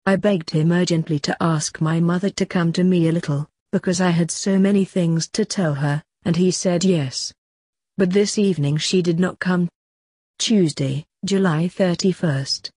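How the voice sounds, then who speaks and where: A woman reading a diary aloud as an audiobook, in an earnest, measured way. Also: fairly low pitch, a little mellow, husky, no room sound, studio quality. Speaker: audiobook narrator. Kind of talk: scripted narration of a diary.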